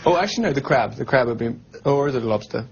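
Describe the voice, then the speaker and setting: A man's voice: medium pitch, animated, rapid-fire. A young man being interviewed, chatting casually and rambling, laughing often at himself. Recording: lo-fi with clear background noise.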